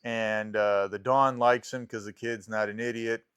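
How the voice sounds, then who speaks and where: A man's voice: lowish voice, fairly even intonation, a little slow, a bit bright, clear, resonant tone. A man co-hosting a podcast, chatting casually with dry jokes and retelling movie scenes by acting out the characters. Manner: dry joking, storytelling that acts out characters. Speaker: podcast co-host. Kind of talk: casual chat.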